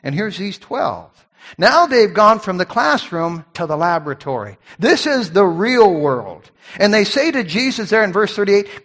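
A man preaching in a large hall with a long echo trailing his words. His voice sits high and swings widely as he acts out the voices of the people in his story. He repeats words in quick bursts. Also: very animated, a bit bright. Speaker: pastor. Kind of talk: sermon.

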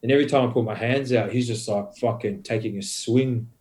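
A man's voice: mid-range voice, brisk. Swearing man telling a story. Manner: swears heavily, rambling and animated; many fillers like "um" and "bro". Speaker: podcast guest. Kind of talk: casual storytelling.

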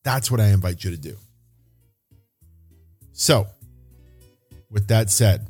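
A man's voice: on the low side, expressive, slow pace, pauses often, a little mellow, slightly rough, soft background music. Emphatic man giving a motivational talk. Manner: emphatic, repeats phrases for stress; casual, occasional swearing. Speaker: business coach and podcast host. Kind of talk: solo motivational podcast talk.

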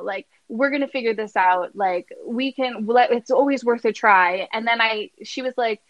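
A young woman hosts a casual podcast chat, telling her story with lots of filler words. Her voice sits a bit high. The sound is close and dry, with no room around it. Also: moderate pace, no echo, lo-fi sound. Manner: animated storytelling, many "like" fillers. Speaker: podcast host.

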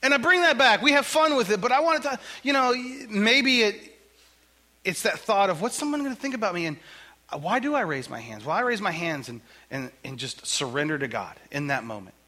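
Guy pastor preaching in church, jokey and chatty, high-ish voice that swings all over. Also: normal speed. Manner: animated, joking and conversational. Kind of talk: sermon.

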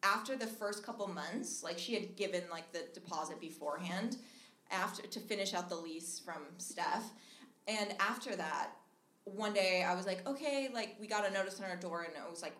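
A woman's voice: medium pitch, moderate pace. A young woman from Minnesota telling a funny story live on stage, chatty and laughing as she goes. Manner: chatty, animated, laughs through her story. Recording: echoey live room with loud background noise.

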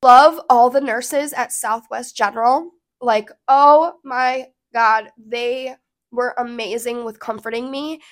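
A woman's voice: fairly high pitch, fairly even intonation, slow pace. A woman vlogger telling a personal story to camera in an earnest, emotional, rambling way.

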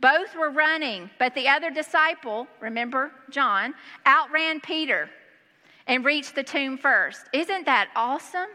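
Woman pastor, sermon in a large hall, high bright voice, long reverb. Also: unhurried. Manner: reads scripture aloud and breaks in with lively asides. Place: church hall.

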